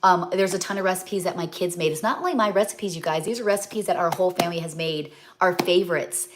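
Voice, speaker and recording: On her livestream, this middle-aged home cook and cookbook author talks fast in a low-leaning voice, with background noise behind her. She chats casually, wanders off track and loses her thread often, and speaks warmly and directly to the people watching.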